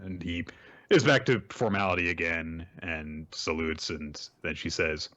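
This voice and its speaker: A man's voice: low-pitched, unhurried, muffled recording. A man co-hosting a podcast, chatting casually and rambling through a manga recap with plenty of fillers. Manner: rambling, animated, many fillers. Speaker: podcast co-host.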